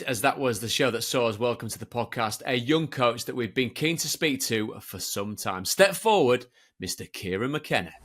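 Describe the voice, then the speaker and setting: A man's voice: medium pitch, a bit bright. Playful male podcast host. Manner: playful, wordy introductions. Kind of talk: podcast presenting.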